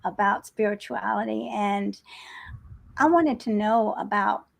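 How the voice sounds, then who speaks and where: A woman's voice: mid-range voice, a little slow, creaky. A woman hosting an interview, asking earnest, searching questions and repeating herself as she forms them. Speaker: host.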